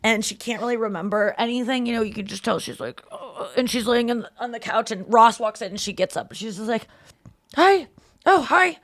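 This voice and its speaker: Animated woman podcast host. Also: a little high, quick pace, hardly any pauses. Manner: animated storyteller, acts out characters' lines. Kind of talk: casual chat, retelling a TV scene.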